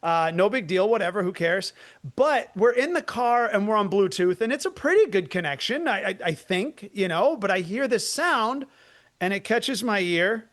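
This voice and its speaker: A man co-hosting a comedy podcast, telling a story in an animated way and laughing through it. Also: sits high, normal speed. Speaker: podcast co-host.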